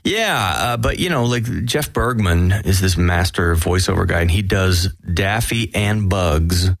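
A man with a very low, gravelly and raspy voice talks as a guest in a laid-back, joking way. He fills his speech with "um" and "like." The sound is close and dry. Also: lively intonation, unhurried, dry recording. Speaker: guest voice actor and musician. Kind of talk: casual interview.

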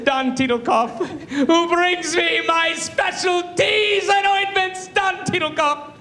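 A man's voice: extremely high pitch, takes it slowly, pushed and bright, voice pushed up, heavily acted. A man impersonating a pompous, overly emotional older TV interviewer giving a theatrical thank-you speech. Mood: grandiose.

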